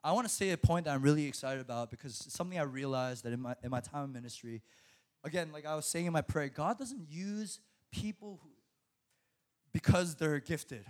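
A young man preaching a sermon in an animated way, laughing often and repeating words when excited. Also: on the high side.

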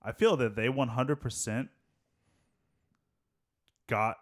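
A man's voice: mid-range voice, slow. A man co-hosting a casual movie podcast, rambling and using many fillers. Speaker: podcast co-host. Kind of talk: casual chat.

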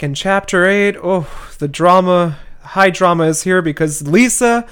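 A man's voice: fairly high pitch, unhurried, few pauses, fairly bright tone, clean tone. A man hosting a podcast, casually retelling a classic novel with wry, chatty asides. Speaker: podcast host. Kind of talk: casual book recap.

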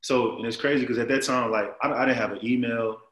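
A man in his thirties telling a story in casual chat, animated and full of slang and fillers. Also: medium pitch, fairly quick. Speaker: guest. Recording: roomy echo.

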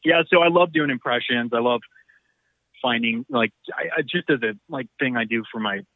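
A man's voice: mid-range voice, moderate pace, no room sound. Middle-aged man on a tinny phone line. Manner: rambling, anecdotal, self-deprecating. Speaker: actor guest. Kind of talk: casual interview chat.

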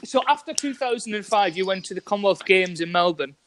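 A man with a notably high-pitched voice hosts a podcast. He tells anecdotes in a loose, chatty way and laughs often. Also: lively intonation, quick pace, fairly bright tone. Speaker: podcast host. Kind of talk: casual podcast chat.

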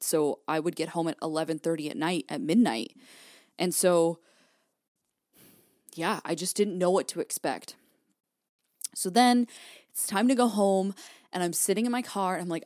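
A woman's voice: lowish voice, moderate pace, darkish tone, dry recording, clean studio sound. A young woman hosting her own podcast, telling a personal story candidly, swearing freely and acting out her past thoughts. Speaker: podcast host.

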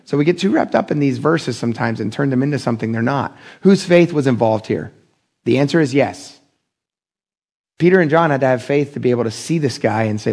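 Gravelly-voiced animated male preacher. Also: mid-range voice, brisk. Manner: conversational and animated, acting out quoted voices. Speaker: pastor. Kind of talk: sermon.

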